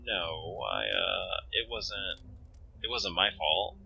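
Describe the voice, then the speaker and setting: A man's voice: low voice, sing-song, slow, creaky, sharp tone, highs cut off, faint music behind, full character voice. A man voicing an awkward, nervous young male mage in a visual novel, stammering and flustered.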